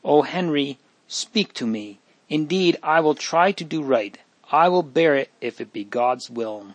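A man reading aloud voices a caring young girl who pleads earnestly, lifting his pitch. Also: expressive, a little slow, no room sound. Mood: tearful. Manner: raised pitch, emotional pleading.

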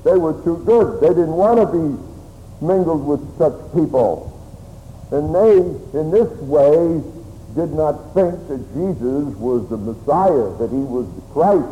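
A man preaching a sermon slowly and solemnly, with old-fashioned phrasing. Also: medium pitch, mellow. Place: church. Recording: church hall reverb with faint room noise.

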